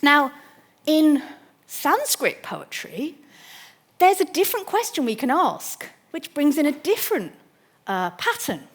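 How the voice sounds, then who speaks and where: Woman lecturer, slightly high voice, eager and explanatory, restarts sentences as she goes. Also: very animated, unhurried. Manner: enthusiastic, explanatory, with frequent restarts. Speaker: mathematics lecturer. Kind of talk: public lecture.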